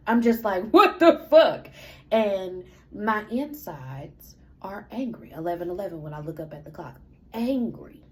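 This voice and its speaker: A woman's voice: mid-range voice, a little mellow, slight background noise, low-quality recording. A woman venting to camera in a personal rant, a parent and student, talking bluntly and emphatically with lots of swearing. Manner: blunt, emphatic and profane, with bursts of laughter.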